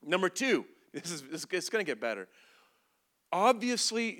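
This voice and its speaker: Animated, bright-voiced male preacher. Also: sits high, normal speed. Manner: animated, comedic, acts out scenes with voices. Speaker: pastor. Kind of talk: sermon.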